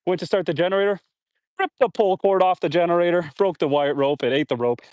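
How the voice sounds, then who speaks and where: Watering trees on his homestead, a man chats on a live stream, rambling to viewers and to his animals. He talks fast in a high-pitched, darkish voice. There's no room sound, though the recording is muffled.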